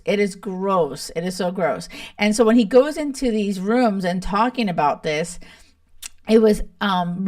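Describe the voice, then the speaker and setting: A young woman hosting a podcast, chatting casually and laughing often, with many fillers like "like" and "you know". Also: fairly low pitch. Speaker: podcast host. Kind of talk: casual chat recapping a reality show.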